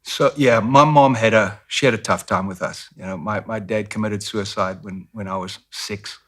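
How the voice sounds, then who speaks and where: A middle-aged interviewee with a South African accent recounts stories candidly and casually, imitating other people's voices. He speaks at normal speed in a fairly low, steady, slightly bright voice.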